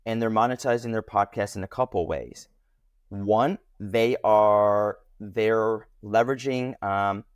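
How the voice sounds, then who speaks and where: A man speaking as a podcast guest in a casual interview, talking animatedly with lively jumps in pitch. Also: no room sound, studio quality.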